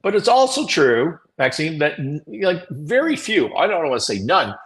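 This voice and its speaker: Blunt, animated host. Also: male voice, a little high, normal speed, low-quality recording. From Canada. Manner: animated, blunt, swears, laughs at himself. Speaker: live morning show host. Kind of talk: opinionated live commentary.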